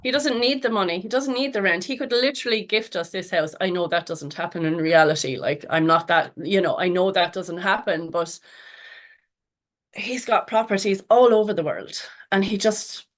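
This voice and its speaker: A woman's voice: mid-range voice, moderate pace. A middle-aged Irish woman, a podcast guest, telling a long story in a chatty way with frequent laughs and fillers. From Ireland. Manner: chatty, laughs often, many fillers and restarts. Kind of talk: casual storytelling interview.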